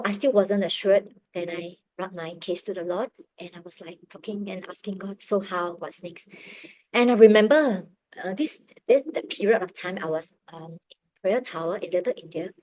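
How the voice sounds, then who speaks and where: A middle-aged woman telling a personal faith testimony as a parent, earnest and emotional, often dropping her voice very low. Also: fairly quick, a little mellow. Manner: earnest, emotional storytelling, drops to near whispers.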